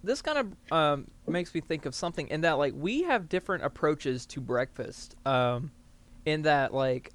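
A man's voice: fairly high pitch, expressive, moderate pace, a bit bright. A man from the American South, co-hosting a podcast in casual, rambling chat full of fillers. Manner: rambling, filler-heavy, laughs often. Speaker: podcast co-host.

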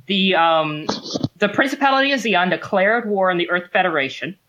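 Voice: mid-range voice, lively intonation, normal speed, fairly bright tone. A game master running a tabletop role-playing game, explaining the setting at length with many ums and restarts.

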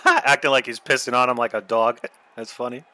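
A man's voice: medium pitch, moderate pace, pushed and bright, a faint crowd. A man co-hosting a casual watch-along podcast, trading wisecracks and laughing at his own jokes. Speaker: podcast co-host.

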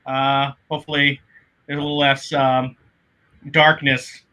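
A man producing a podcast from a home studio, talking casually and halting over his words. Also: mid-range voice, flat delivery, bright, forceful tone.

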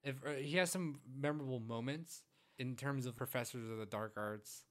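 A man chatting casually about a film, relaxed and agreeable, thinking aloud as he goes. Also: mid-range voice, moderate pace.

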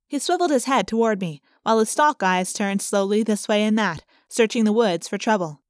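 A woman narrating an audiobook in first person with clear, steady storytelling on a close studio mic. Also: mid-range voice, fairly quick.

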